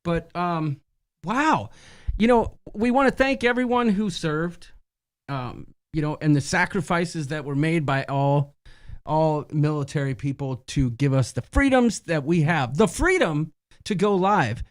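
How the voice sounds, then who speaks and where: A man's voice: a little high, a little slow. Chatty joking man co-hosting. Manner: jokey, chatty. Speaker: co-host. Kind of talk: casual live-stream chat.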